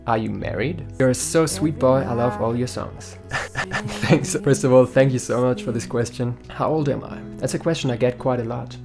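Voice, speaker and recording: A man's voice: medium pitch, normal speed, vocal fry. A young man from Germany, chatting upbeat and jokey as he answers viewer questions in a vlog. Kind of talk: casual Q&A vlog. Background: faint guitar music.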